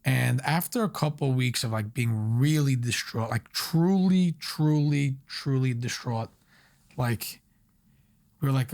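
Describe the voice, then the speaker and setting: Young man telling stories fast and loose. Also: mid-range voice. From Long Island, New York. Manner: energetic storyteller, many fillers like "like". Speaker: restaurant owner guest. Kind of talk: casual podcast interview.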